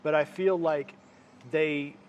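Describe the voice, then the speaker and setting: A man in a casual music chat, talking in a measured, thoughtful way. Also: on the high side, steady tone, muffled recording, crowd noise. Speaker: podcast co-host.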